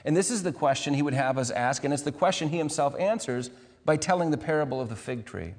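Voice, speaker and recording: A man's voice: a little high, lively intonation, quick pace. A man preaching a sermon as pastor, earnest and emphatic, repeating key words and restarting phrases now and then. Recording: long hall reverb.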